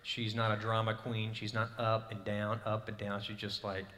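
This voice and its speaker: A man's voice: fairly low pitch, completely flat delivery, normal speed, sharp tone. A man in his thirties preaching a sermon, telling a personal story in an earnest way and rising to emphatic bursts. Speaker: pastor. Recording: hall reverb.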